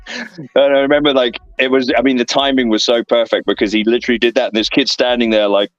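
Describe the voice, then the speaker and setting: A man's voice: mid-range voice, fast talker, dry recording, lo-fi sound, soft background music. A man in his thirties with an English accent, a wrestler telling backstage stories in a casual interview, rambling with lots of fillers. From England. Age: 30s. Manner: rambling, filler-heavy anecdotes with lively voiced asides. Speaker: guest, professional wrestler. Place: online interview stream.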